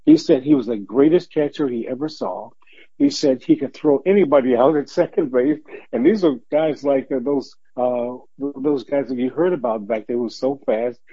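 A man's voice: mid-range voice, normal speed, slightly rough, no echo. An older man from Detroit, a former police officer, telling stories as an interview guest and acting out the voices he quotes. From Detroit, USA. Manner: animated storyteller who acts out quoted voices and laughs often. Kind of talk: storytelling in an interview. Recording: dull lo-fi recording.

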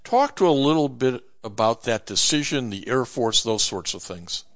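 A man interviewing a guest, asking long questions in a halting way. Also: medium pitch, animated, a bit bright. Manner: halting, with many fillers and restarts. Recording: dull lo-fi recording.

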